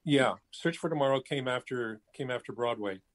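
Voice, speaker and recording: A man in his seventies, a guest talking casually over his cell phone, pausing often with fillers and restarts. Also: medium pitch. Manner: hesitant, many fillers and restarts. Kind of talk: casual interview chat.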